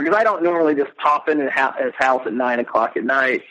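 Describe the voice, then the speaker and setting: A middle-aged man speaking as an interview guest, earnest and emotional, halting as he recounts. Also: mid-range voice, sing-song, vocal fry, bright, forceful tone, dull audio. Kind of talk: casual interview.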